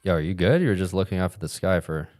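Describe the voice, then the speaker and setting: A young man co-hosting a comedy podcast, retelling things in halting, animated, profane banter. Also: low-pitched. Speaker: podcast co-host. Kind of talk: casual comedic chat.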